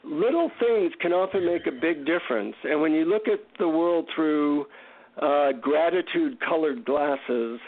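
A man telling a humorous personal story in an animated way as a guest on a radio interview, heard over a tinny phone line. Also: fairly high pitch, a little slow. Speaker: guest author.

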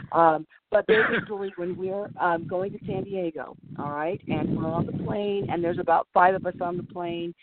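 A woman guest telling animated stories in a casual interview, laughing and acting out the people she quotes. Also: on the low side, dry recording. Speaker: guest, former wrestler. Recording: tinny phone line, dry.

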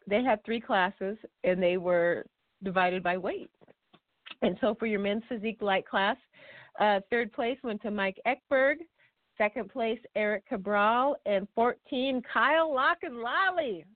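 A woman's voice: mid-range voice, unhurried, dry recording. Giggly woman on a tinny line. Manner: giggly, playful. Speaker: co-host. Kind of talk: casual chat.

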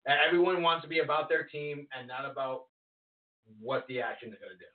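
A man co-hosting a casual podcast, making measured, reasoned points on politics and agreeing along. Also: a little high. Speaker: podcast co-host. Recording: distant, phone-like lo-fi line.

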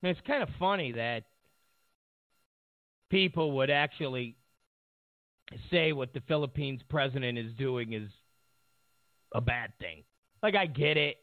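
A man's voice: medium pitch, unhurried, long pauses, no echo. A male talk show host giving sarcastic political commentary, rambling with lots of fillers. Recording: tinny phone-like line.

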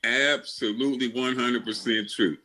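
A man's voice: medium pitch, steady tone, moderate pace, pushed and bright. An older man telling his story as a podcast guest, blunt and full of swearing, often restarting his sentences. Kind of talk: casual interview storytelling.

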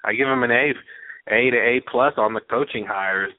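A man talks through college football in an easy, unhurried way, doubling back on his words as he goes. His voice comes over a narrow, phone-like line with no room sound at all. He sounds like a guest on a call-in sports show. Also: medium pitch, no room sound. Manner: relaxed, repeats words while thinking. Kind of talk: casual podcast chat.

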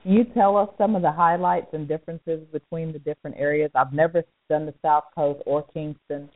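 A man's voice: fairly high pitch, steady tone, a little fast. A man hosting an interview, asking questions and dropping in short friendly remarks. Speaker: host. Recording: phone-like tinny line.

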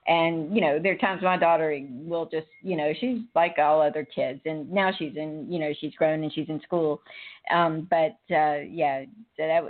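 A middle-aged woman hosting a casual spiritual chat, rambling and laughing often. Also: sits low. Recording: phone-like narrow audio.

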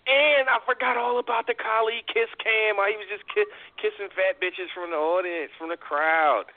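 A man's voice: sits high, moderate pace. A man co-hosting a wrestling talk show, blunt and profane in casual banter. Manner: blunt, profane, animated reactions. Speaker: podcast co-host. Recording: phone-line audio.

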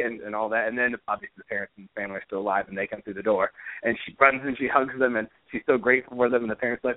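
A man co-hosting a podcast in casual chat, telling stories in a chatty, animated way. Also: medium pitch, very fast, dry recording. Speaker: podcast co-host. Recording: tinny phone-like dry audio.

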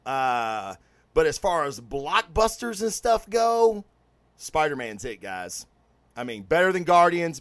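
A man hosting a casual podcast, reviewing a movie and comics in an excited, profane, rambling way with many restarts. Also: fairly high pitch, no room sound. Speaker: podcast host.

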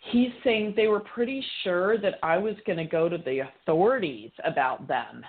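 A woman's voice: fairly low pitch, normal speed, phone-quality sound, a little hiss or hum. A woman psychic medium giving a live reading on a call-in show, chatty, relaying messages as quotes.

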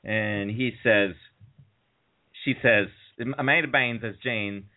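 A man's voice: on the low side, slow pace. A man hosting a comedy show with a theatrical, campy delivery. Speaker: host. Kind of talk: casual comedy chat. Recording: phone-like narrow sound.

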